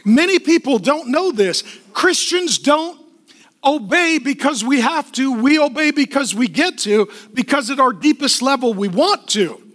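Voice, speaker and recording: Male pastor, middle-aged, very high voice; preaches with punchy repetition and casual story asides. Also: a little slow. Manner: emphatic, rhythmic repetition with lively storytelling asides. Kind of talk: sermon.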